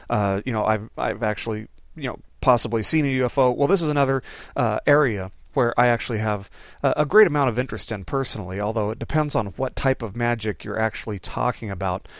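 A man's voice: mid-range voice, no echo, studio quality. A man hosting a Bible Q&A lesson, talking casually with plenty of fillers. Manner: conversational, loose, many "you know" fillers. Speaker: Bible teacher answering listener questions. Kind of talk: informal Q&A lesson.

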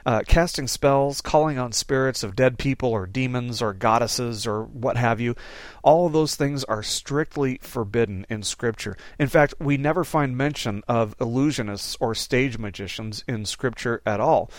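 A man's voice: medium pitch, moderate pace, no echo. A man hosting a Bible Q&A lesson, talking casually with plenty of fillers. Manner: conversational, loose, many "you know" fillers. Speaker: Bible teacher answering listener questions. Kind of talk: informal Q&A lesson.

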